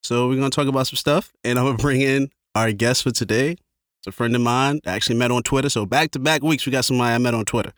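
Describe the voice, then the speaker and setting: A man's voice: mid-range voice, steady tone, quick pace, a bit bright, no echo. Laid-back joking man on a dry mic. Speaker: podcast co-host. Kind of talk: casual podcast chat.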